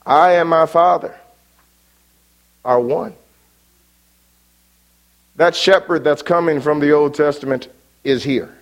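A man preaching an evening sermon, rising sharply when quoting and dropping soft and low for his appeals. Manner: emphatic, rises sharply on quoted words, drops low for appeals.

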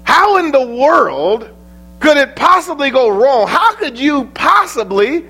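High, swooping preacher man over mains hum. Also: very animated, takes it slowly, vocal fry. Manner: preaching with rising emphatic questions and sudden soft drops. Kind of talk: sermon.

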